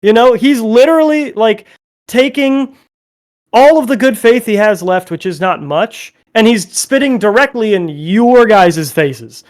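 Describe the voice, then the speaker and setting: A man's voice: high-pitched, lively intonation, a little slow. A man on a political panel, speaking bluntly and heatedly with frequent profanity.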